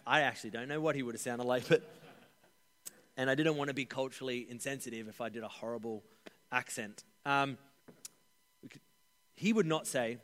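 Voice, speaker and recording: A man preaching a sermon as pastor, with an animated delivery that rises for emphasis and drops to a hush on key points. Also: medium pitch. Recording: echoey hall.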